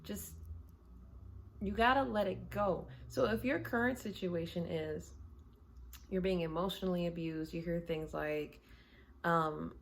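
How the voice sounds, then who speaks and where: Blunt low-voiced woman chatting casually. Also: unhurried, creaky, pauses often. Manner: blunt, candid, conversational. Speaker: tarot reader. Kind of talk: casual chat. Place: her home.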